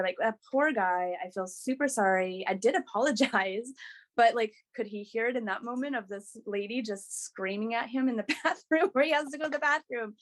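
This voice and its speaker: A woman guest on a podcast, sharing a personal story in a candid, animated way with frequent restarts. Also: on the high side.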